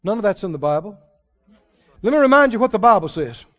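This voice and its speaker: A man preaching a sermon, swinging from loud declarations to hushed, quiet lines. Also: sits high, big pitch swings, quick pace, big-room sound. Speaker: pastor. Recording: dull lo-fi sermon recording.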